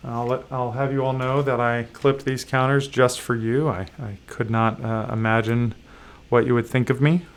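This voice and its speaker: A man streaming a solo board game session, walking through its rules in a halting, casual way with frequent fillers and self-deprecating asides. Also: mid-range voice.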